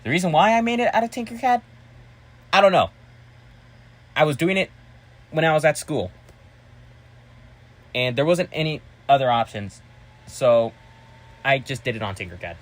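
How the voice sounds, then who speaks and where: An excitable man talking casually to his viewers in a vlog. His pitch leaps around constantly in a very lively way. He rambles, restarts sentences and breaks into sudden loud outbursts. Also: normal speed, long pauses. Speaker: vlogger.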